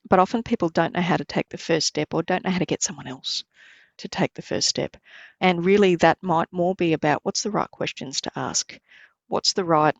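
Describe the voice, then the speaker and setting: A middle-aged woman, a lawyer giving measured, explanatory advice in a podcast interview. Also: sits low, gravelly, no room sound. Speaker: lawyer guest.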